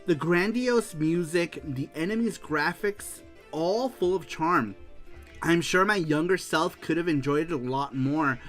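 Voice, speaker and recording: Lively upbeat male stream host. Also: on the high side, a little slow, soft background music. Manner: animated, laughs often, reads aloud. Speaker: host reading viewer answers. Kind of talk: casual livestream chat.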